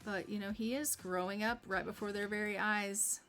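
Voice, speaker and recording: A woman's voice: mid-range voice, steady tone, moderate pace, fairly bright tone, faint music behind. A woman streamer narrating a life-simulation game casually, chatty with many fillers.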